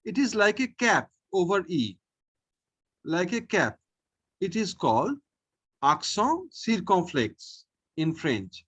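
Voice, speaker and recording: A man leads an online French lesson, taking it slow and repeating each sound for his pupil. His pitch swings widely as he explains, and his voice carries a faint husky edge. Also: sing-song, a bit bright. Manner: slow, patient, repeats each sound, often says okay. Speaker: French teacher.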